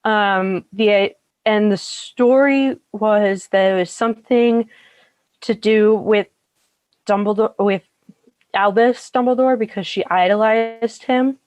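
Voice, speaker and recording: A young woman co-hosting a podcast, chatting casually and filling pauses with ums and likes. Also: mid-range voice, clear, resonant tone, no echo. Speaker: podcast co-host. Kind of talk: casual chat.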